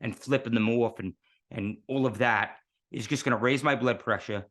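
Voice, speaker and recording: A man talks as an interview guest, his pitch in the middle of the range. He tells his stories in earnest and works through them with rhetorical questions. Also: moderate pace, fairly bright tone. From New York City. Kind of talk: casual interview talk.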